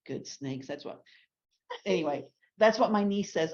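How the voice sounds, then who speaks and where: A woman teaches a ladies' Bible class, talking chattily and restarting her sentences. Her voice sits a little low. The recording sounds dull and lo-fi. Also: animated, slow pace, a little mellow. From Texas. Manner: chatty, with many restarts and asides.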